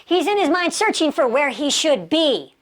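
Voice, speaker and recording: A woman's voice: high-pitched, big pitch swings, normal speed. A woman giving a motivational martial arts lecture, emphatic, asking rhetorical questions and repeating key phrases.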